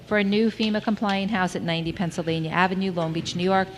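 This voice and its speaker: A woman clerk reading out zoning case records in a formal, measured way. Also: medium pitch, steady tone, a little hiss or hum. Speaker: board clerk.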